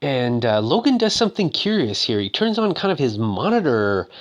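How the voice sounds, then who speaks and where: A man's voice: medium pitch, big pitch swings, moderate pace, highs cut off. Rambling man retelling a movie. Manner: rambling, joking, many fillers. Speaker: narrator.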